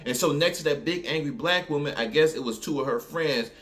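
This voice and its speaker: A man's voice: on the high side, brisk, soft background music. A man with a New Orleans accent telling a story in a casual, colloquial way, full of fillers and asides. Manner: animated, colloquial, many fillers.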